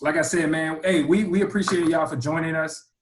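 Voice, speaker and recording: A man's voice: fairly high pitch, fairly even intonation, a little fast. A man co-hosting a podcast in casual chat, teasing his friend in playful banter. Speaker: podcast co-host. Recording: echoey room.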